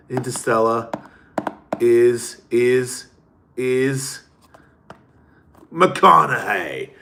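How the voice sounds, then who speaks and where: A man's voice: on the low side, a bit bright, a little hiss or hum. Rambling man telling stories. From Australia. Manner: rambling, swearing, laughs often. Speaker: podcast host. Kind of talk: casual storytelling monologue.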